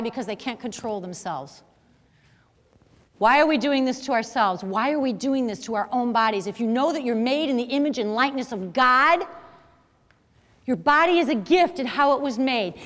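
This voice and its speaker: A middle-aged woman delivers an emphatic, preachy talk to a young crowd, firing off rhetorical questions. Her voice sits high. The sound rings with the long echo of a large hall. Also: a bit bright. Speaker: speaker. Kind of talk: chastity talk to young audience.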